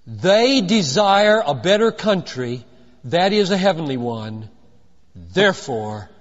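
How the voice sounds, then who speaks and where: An older man preaching a sermon, swinging from loud emphasis down to hushed, low lines. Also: very animated, slow pace. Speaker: pastor. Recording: dull lo-fi with long hall reverb.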